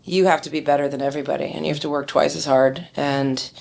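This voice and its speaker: Candid middle-aged woman, lowish voice. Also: fairly even intonation, quick pace, vocal fry, a little mellow. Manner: candid, storytelling, acts out quoted dialogue. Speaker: winemaker guest. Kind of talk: conversational interview.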